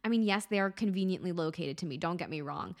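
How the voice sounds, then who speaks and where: A woman's voice: fairly low pitch, quick pace. A young woman talks through a casual solo podcast episode in an open, emotional way. She sounds close to tears, fills her sentences with "like," and swears freely as she goes. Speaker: podcast host and life-purpose coach.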